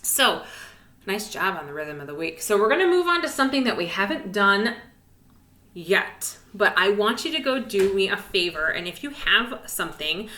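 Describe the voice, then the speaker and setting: A woman teaches a music lesson on video for young children, cheerful and encouraging. Her pitch swings widely, her tone is bright, and the room echoes. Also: very animated, normal speed. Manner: cheerful, encouraging, sing-song with whispered rests.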